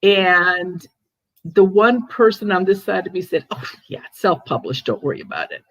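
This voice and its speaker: An older woman hosting a casual chat, telling stories in a chatty, animated way with frequent restarts. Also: lowish voice, moderate pace, dry recording, low-quality recording. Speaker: host, ghost medium.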